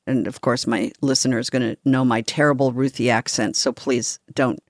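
A woman with a low voice hosts a conversational podcast, speaking in a reflective, measured way with fairly even intonation and laughing easily. The recording is close and dry, with no room sound around it.

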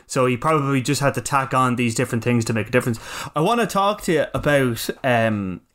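A man's voice: mid-range voice, brisk. Musing man chatting films. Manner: musing, rambling, animated. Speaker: radio presenter. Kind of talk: casual chat about a film.

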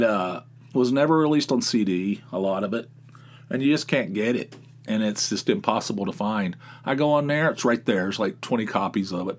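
A man hosts a solo podcast in a loose, rambling way. He reaches for words with plenty of you-knows and ums, and keeps a relaxed, offhand delivery. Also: mid-range voice. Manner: rambling, laid-back, many fillers. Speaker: podcast host. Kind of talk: casual solo podcast chat.

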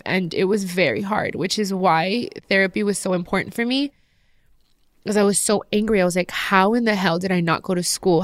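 A woman's voice: lowish voice, no echo, studio quality. A woman in her thirties talking candidly to her viewers, heartfelt and emotional as she shares a personal story. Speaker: vlogger sharing personal story.

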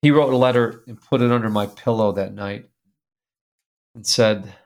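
Gravelly older man telling a story. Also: lowish voice, normal speed. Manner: animated storyteller who laughs often and reads letters aloud. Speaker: guest. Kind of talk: personal storytelling in an interview.

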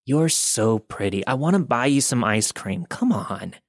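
A man's voice: mid-range voice, animated, measured pace, no room sound, studio quality. A man voicing a creepy, pushy middle-aged male stranger who keeps insisting in a wheedling way.

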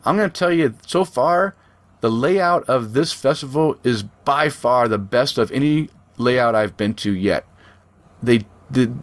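A middle-aged man chatting casually as a podcast co-host, rambling and conversational, often restarting his sentences. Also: mid-range voice. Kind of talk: casual chat.

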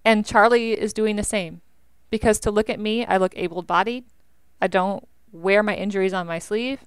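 A young American woman talks as an interview guest, chatty and animated, dropping plenty of "like". Her voice is very clear and smooth. It sits close and dry. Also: medium pitch, normal speed, no room sound. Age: young adult. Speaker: veteran guest. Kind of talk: interview conversation.

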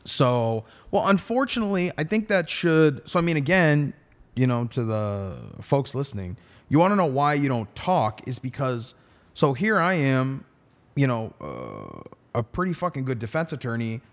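A man's voice: mid-range voice, big pitch swings, normal speed. A man who is a defense attorney, telling a story in a casual podcast chat with emphatic, profane language.

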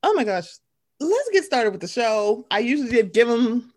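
Brief: young woman host, chatty and animated, a fairly high voice, acts out the quotes. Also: normal speed. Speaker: podcast host. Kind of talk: casual chat.

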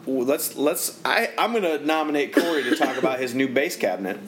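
A man's voice: mid-range voice, expressive, fairly quick, fairly bright tone. A man, co-hosting a casual chat among friends, laughing often and telling stories. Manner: laughing, storytelling. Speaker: podcast co-host.

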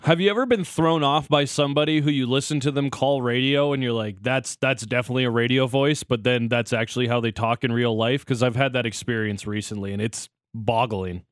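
A man's voice: mid-range voice, fairly even intonation, fairly quick, hardly any pauses, dry recording, studio quality. A male radio co-host chatting casually and asking a question. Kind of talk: morning radio banter.

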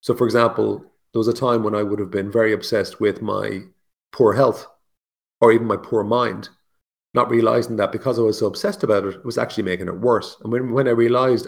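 A man's voice: fairly low pitch, fairly even intonation, a little fast, gravelly. A man hosting a solo podcast, talking casually and reflectively, with asides and self-mocking humor. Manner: casual, musing, laughs at his own jokes. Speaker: podcast host.

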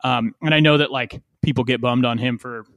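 A man talks in a relaxed, meandering way, stacking fillers and restarting his sentences. His voice sits at an ordinary pitch. It is recorded close and dry, with no room sound. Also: brisk, creaky, no echo. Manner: rambling, many fillers and restarts. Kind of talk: casual conversation.

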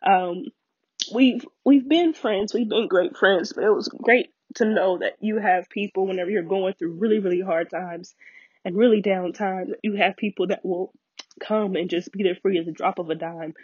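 A woman, hosting a podcast and telling a personal story in an animated way, acting out quoted voices and getting emotional. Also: moderate pace, breathy edge, no room sound, muffled recording. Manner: animated storyteller, acts out quoted voices with big pitch jumps, laughs often. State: emotional, near tears at times. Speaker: podcast host.

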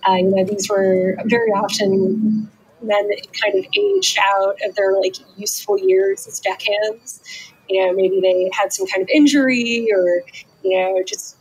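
A woman's voice: medium pitch, a little slow, slightly rough, low-quality recording. A woman explaining tall ships as an interviewed expert, conversational with many fillers.

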